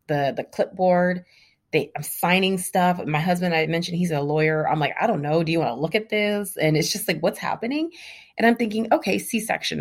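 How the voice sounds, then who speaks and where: A woman in her thirties candidly retelling a personal story in a lively, conversational way. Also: low voice.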